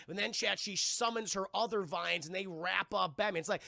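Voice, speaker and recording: A man reviewing a film on a live stream, chatting with viewers in a casual, profane and animated way and acting out the scenes he retells. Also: sits high, brisk, vocal fry, hardly any pauses, dry recording.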